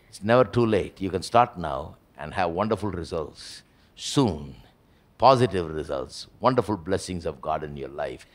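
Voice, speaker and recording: A man preaching a live church sermon as pastor, acting out quotes with sudden jumps in pitch. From India. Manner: animated, acts out quotes with big pitch jumps. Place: church service hall.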